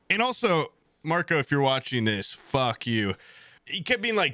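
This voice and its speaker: Exasperated young man streamer, bright and crisp. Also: wildly swooping pitch, normal speed, dry recording, studio quality. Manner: profane, exasperated, mimics others in a high voice. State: low energy from illness. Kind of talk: casual storytelling.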